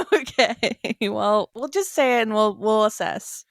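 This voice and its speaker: A woman co-hosting a casual podcast from her bedroom, speaking quietly and giggling often. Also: a little high, a little slow, vocal fry, no echo, studio quality. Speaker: podcast co-host. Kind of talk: casual chat.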